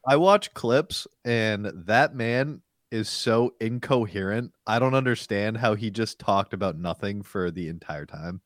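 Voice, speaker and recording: A man guesting on a comedy podcast, crude and animated in his teasing. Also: lowish voice, measured pace, hardly any pauses, no room sound, studio quality. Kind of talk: casual comedic podcast chat.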